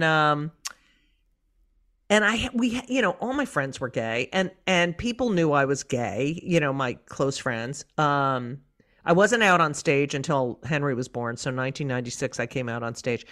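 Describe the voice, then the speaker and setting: A woman's voice: sits low, normal speed. A middle-aged woman comedian chatting on an interview show. She tells her stories with lots of energy, slipping into voices for the people she quotes and swearing freely. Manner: animated storyteller, acts out quotes, swears. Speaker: comedian guest. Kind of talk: casual interview chat.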